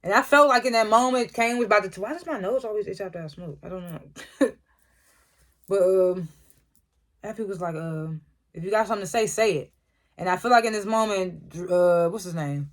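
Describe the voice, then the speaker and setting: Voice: mid-range voice, normal speed, fairly bright tone. A young adult host recapping a TV episode in a loose, slangy, chatty way, laughing often. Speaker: TV show reviewer.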